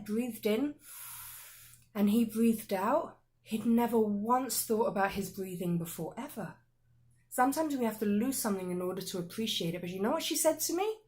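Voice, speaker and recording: A woman telling a personal story as a talk, acting out the dialogue with lively shifts in voice. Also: mid-range voice. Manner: animated, acts out dialogue in different voices.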